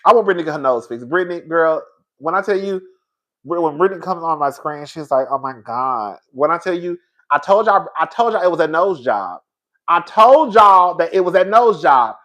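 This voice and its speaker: A man hosting a casual reality TV review, talking in an animated, sassy way with frequent laughs and calling his viewers "girl.". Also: fairly high pitch, a little fast. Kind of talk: casual opinionated commentary.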